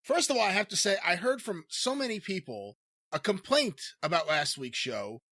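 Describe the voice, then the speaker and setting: A man hosting a comedy podcast, asking playful deadpan questions. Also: high voice, moderate pace, husky, no echo, clean studio sound. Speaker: podcast host.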